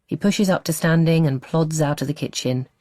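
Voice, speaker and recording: Very deep-voiced woman narrating. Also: normal speed, no echo, clean studio sound. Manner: expressive storytelling. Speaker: audiobook narrator. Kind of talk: scripted narration.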